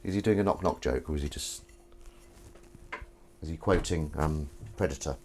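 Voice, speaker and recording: A man's voice: rumbling low, normal speed, a little mellow. An English man hosting a casual livestream, reading viewers' messages aloud and joking in a playful, rambling way. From England. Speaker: livestream host reading chat. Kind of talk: casual chat while washing up. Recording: dish clatter and noise behind. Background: clattering dishes and cutlery.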